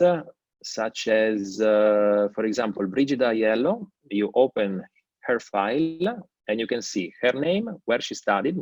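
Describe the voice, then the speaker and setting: A man with an Italian accent giving a webinar presentation as a school representative, halting with many fillers. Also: medium pitch, a little mellow, dry recording. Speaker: university representative. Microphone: video call. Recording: muffled video call audio, dry.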